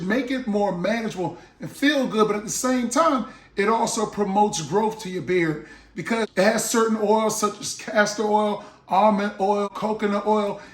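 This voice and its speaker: High-voiced chatty man, echoey room. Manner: chatty, jokey, acts out little scenes. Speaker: vlogger selling his own beard oil. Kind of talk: casual product talk to camera.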